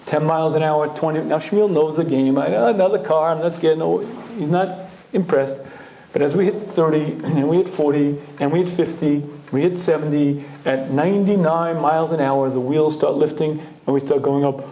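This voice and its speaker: Animated rabbi in an echoey room. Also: male voice, fairly high pitch, moderate pace. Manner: animated storyteller, often clears throat. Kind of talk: storytelling Torah lecture.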